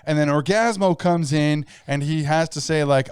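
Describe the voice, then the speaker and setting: A man's voice: a little high, moderate pace, hardly any pauses, a little mellow, clear, resonant tone, no room sound, clean studio sound. A man co-hosting a casual podcast, telling stories and acting out quoted lines. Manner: storytelling, acts out quoted lines. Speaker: podcast co-host.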